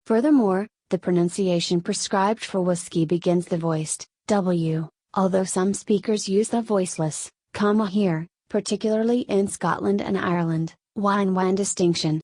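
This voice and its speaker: A woman narrating an encyclopedia article aloud, reading in a steady, measured way and spelling out letters with care. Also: medium pitch, no room sound.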